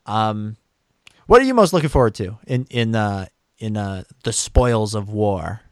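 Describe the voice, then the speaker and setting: A man's voice: on the low side, expressive, measured pace, no room sound, studio quality. A man co-hosting a podcast in casual discussion, talking hesitantly with many fillers and restarts. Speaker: podcast co-host.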